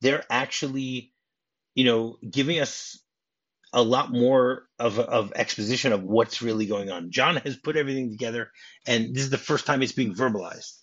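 A man's voice: medium pitch, moderate pace, a bit bright. A man guest on a podcast, casually recapping a film scene in detail with lots of "you know". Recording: dull lo-fi podcast audio.

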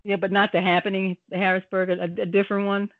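A woman's voice: mid-range voice, level tone, quick pace, no echo, narrow, tinny audio. An older woman, a grandmother, hosting a community radio talk show in a playful, chatty way. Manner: playful, jokey, chatty with fillers. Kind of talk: casual radio chat. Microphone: studio microphone.

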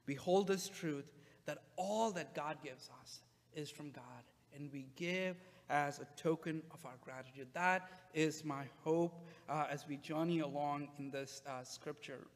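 A male pastor preaching a sermon in a relaxed, conversational way, with frequent "uh" fillers. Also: on the high side, measured pace, long reverb tail.

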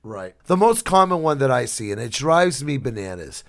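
A man co-hosting a comedy podcast, his voice hoarse and gravelly, telling wry, exasperated stories in casual chat. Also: mid-range voice, big pitch swings, normal speed. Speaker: podcast co-host.

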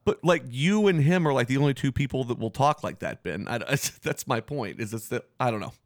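A man's voice: medium pitch, animated, a little fast, no room sound, studio quality. A man hosting a sports podcast, bantering bluntly and swearing freely in casual talk. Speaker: podcast host.

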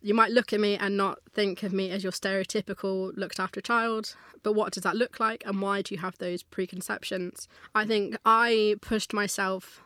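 A woman's voice: mid-range voice, fairly even intonation, normal speed, few pauses, a bit bright, dry recording, studio quality. A woman speaking thoughtfully as a podcast guest. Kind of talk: reflective talk.

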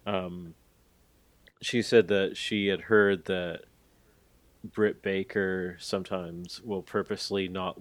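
A man's voice: sits low, no echo. A man co-hosting a podcast, recapping a story in a rambling, hedging way with lots of fillers. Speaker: podcast co-host. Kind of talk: casual podcast chat.

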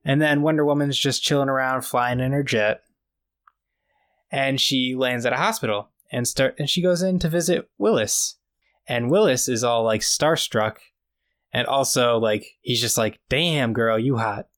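A man's voice: medium pitch, normal speed, fairly bright tone. Chatty man recapping with fillers. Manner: retells scenes with quoted dialogue, many fillers. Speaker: podcast co-host. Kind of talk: casual recap chat.

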